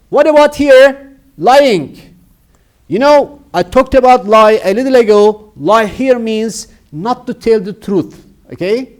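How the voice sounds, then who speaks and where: A middle-aged male teacher with a Turkish accent, high-pitched for a man. He talks slowly and emphatically, repeating key words as he walks students through a grammar lesson. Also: darkish tone. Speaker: English teacher.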